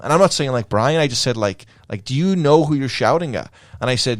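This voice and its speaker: A man with a Liverpool accent, talking as a podcast guest. He tells stories with energy and voices the people in them. His pitch sits in the middle range, and the sound is dry and close. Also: brisk, hardly any pauses, no echo. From England. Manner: lively storyteller who acts out quoted lines. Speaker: guest, pro skater. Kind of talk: casual podcast conversation.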